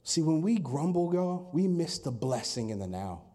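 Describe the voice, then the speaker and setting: A male pastor preaching with a high, lively voice that swoops up and down. He acts out grumbling voices and then climbs to loud, emphatic peaks as he drives each point home. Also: moderate pace. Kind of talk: sermon.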